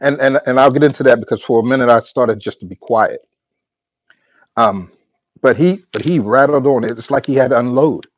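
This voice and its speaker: A podcast host, male and medium-pitched, recounts a conversation in a loose, casual monologue, voicing both people in the exchange. His delivery is halting, full of repeated words and restarted sentences. The lo-fi recording has no echo.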